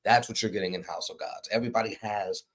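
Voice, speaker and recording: Low-voiced man rambling about comics. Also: steady tone, fast. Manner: rambling, self-correcting, laughs often. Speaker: comic publisher host. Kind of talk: casual livestream chat.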